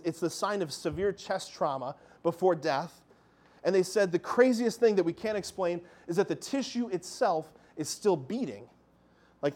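Animated man giving a faith talk. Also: sits high. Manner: animated storyteller, addresses listeners as "guys". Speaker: Catholic speaker. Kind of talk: lively faith talk to a young audience.

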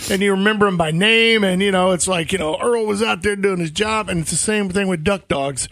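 A man's voice: sits high, brisk, no echo. A man hosting a casual outdoors radio show in a studio, telling stories and acting them out. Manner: animated storyteller, acts out dog voices.

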